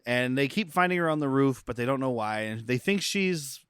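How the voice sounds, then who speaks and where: A man's voice: medium pitch, fairly quick, smooth, dry recording. Dry-voiced man wryly recapping a movie. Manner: relaxed, wry recapping of a film plot. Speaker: podcast co-host. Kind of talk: casual chat.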